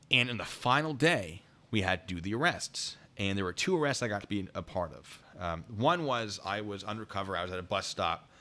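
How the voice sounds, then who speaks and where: A young adult man casually telling funny stories from his time as a military police officer, acting out the voices of the people in them. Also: deep voice. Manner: animated, acts out quoted voices; self-described deadpan humor. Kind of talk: casual storytelling chat.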